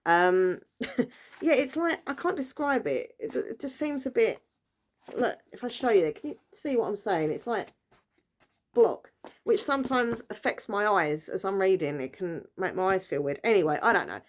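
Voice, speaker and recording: A woman's voice: medium pitch, animated, normal speed. A British woman chatting casually on her vlog, rambling along with lots of fillers and self-corrections. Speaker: book vlogger. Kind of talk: casual chat.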